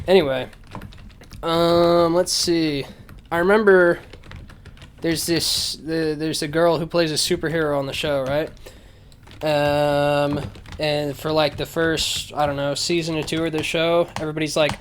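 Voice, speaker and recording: A man with a slightly high voice rants casually into a close microphone, sarcastic and heavy on swearing. He rambles along with plenty of fillers, and a faint hiss sits behind him. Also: little pitch movement, a little slow. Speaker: podcast host. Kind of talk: casual rant.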